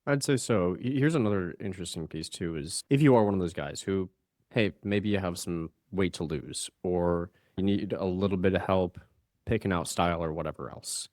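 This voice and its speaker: A man's voice: low voice, normal speed, a little mellow, dry recording, studio quality. A man appearing as a podcast guest who coaches men in communication, explaining his points energetically and acting out the voices he quotes. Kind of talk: casual podcast conversation.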